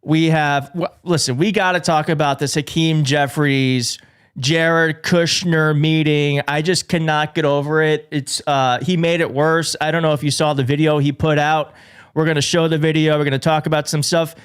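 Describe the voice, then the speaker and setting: A man hosting a live political commentary show, excitable and jokey, often restarting his sentences. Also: a little high, moderate pace, clean tone. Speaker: show host. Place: studio in a big city.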